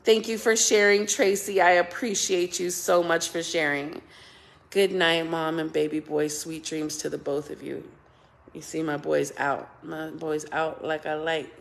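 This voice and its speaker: Low gravelly woman chatting on a livestream. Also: steady tone, measured pace. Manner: chatty, thanks viewers by name, laughs often. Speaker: livestream host reading viewer comments. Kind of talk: casual livestream chat.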